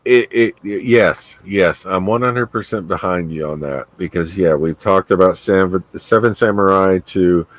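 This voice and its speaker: A man co-hosting a live movie commentary, emphatic and jokey, quick to agree. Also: low voice, no echo. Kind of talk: casual live commentary chat.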